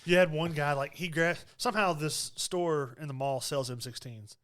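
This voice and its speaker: A man's voice: fairly high pitch, moderate pace. A young man co-hosting a podcast, retelling a movie in casual chat and laughing often. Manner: animated storytelling, laughs often. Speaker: podcast co-host.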